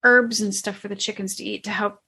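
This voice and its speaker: A woman with a northern US, nearly Canadian accent, co-hosting a casual podcast chat in a soft-spoken, agreeable way. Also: mid-range voice, fairly even intonation, a little fast, vocal fry, breathy edge. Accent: northern US, near-Canadian. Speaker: podcast co-host.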